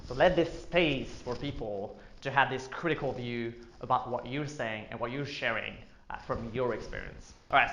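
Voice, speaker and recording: A man's voice: medium pitch, fairly bright tone, a little hiss or hum. A man vlogging about marketing in a casual, joking explainer style with lots of fillers. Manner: joking asides, filler-heavy. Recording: echoey room.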